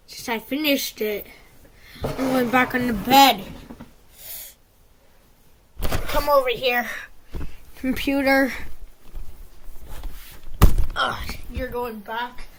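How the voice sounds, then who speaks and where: A woman's voice: on the high side, steady tone, extremely slow, pauses often, a bit bright, a little hiss or hum, low-quality recording. A woman making a reaction video, chatting casually to the camera and herself.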